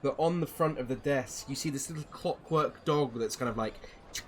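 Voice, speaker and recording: A man's voice: mid-range voice, moderate pace, slight background noise. A man narrating a tabletop game as game master, in a loose, rambling way with fillers.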